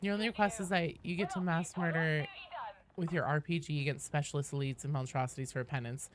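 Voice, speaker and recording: A woman's voice: low voice, fairly even intonation, quick pace. A young woman streaming a game, chatting casually and upbeat with viewers, swearing now and then and greeting people by name.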